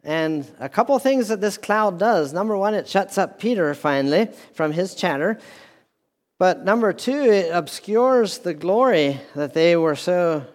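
A man delivering a sermon in a slow, measured way, his voice sitting a little higher than most men's. He repeats key phrases and restarts lines as he preaches. The sound carries a long hall reverb, as from a church with a speaker system. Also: lively intonation. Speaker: pastor.

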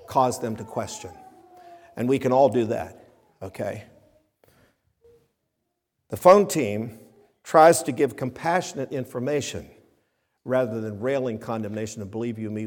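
A man's voice: mid-range voice, slightly rough. A man preaching a sermon with emphatic, rising and falling delivery. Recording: long reverb of a hall.

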